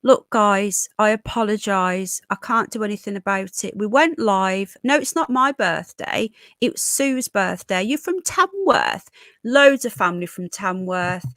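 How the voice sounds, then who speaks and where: With a mid-range, fairly bright voice, this woman speaks at a measured pace and sounds animated. Originally from Birmingham, England, she has a toned-down Brummie accent with a bit of Yorkshire, and she's casually hosting a livestream and reading out comments. The studio sound is clean with no room sound.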